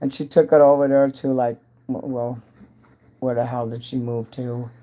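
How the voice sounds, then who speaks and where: Mellow-voiced man rambling on a livestream. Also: medium pitch, flat delivery, moderate pace. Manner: rambling, chatty, greets viewers by name. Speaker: entertainer hosting a livestream. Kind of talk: casual livestream chat with viewers.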